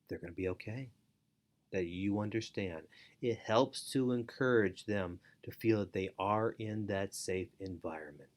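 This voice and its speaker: A middle-aged foster parent who educates on parenting speaks at a measured pace in a lowish voice. His sincere instructional talk leans on repeated key phrases for emphasis.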